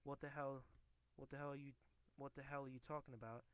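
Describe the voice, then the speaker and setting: A man's voice: medium pitch, level tone, a little fast, smooth, natural voice. A man reading a wisecracking young superhero. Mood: joking. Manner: plain read-aloud delivery.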